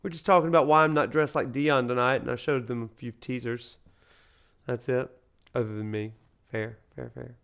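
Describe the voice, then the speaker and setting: Brief: man from Alabama, game streamer and professor, rambling casual chat with viewers, mid-pitched voice. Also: fairly even intonation, moderate pace, creaky, fairly bright tone, clean tone. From Alabama, USA. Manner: rambling and chatty, answers chat with frequent fillers.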